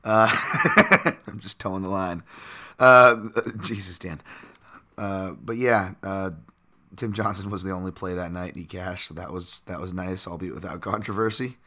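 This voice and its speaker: A man hosting his own podcast with a raspy voice, rambling casually with fillers and self-corrections. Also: low voice, fairly even intonation, moderate pace, fairly bright tone. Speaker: podcast host.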